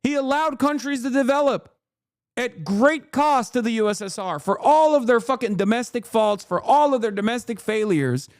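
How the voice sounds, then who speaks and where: Livestream ranter, male, thirties, high-pitched, dry mic, heated and profane. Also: expressive, normal speed, dry recording. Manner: ranting, profane, emphatic. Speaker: political streamer.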